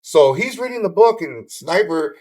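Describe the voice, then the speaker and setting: A man's voice: high voice, moderate pace, crowd noise. An older man from Southern California, a podcast guest telling a long story in casual chat, swearing freely and acting out what others said. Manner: animated storyteller who swears casually and acts out others' lines.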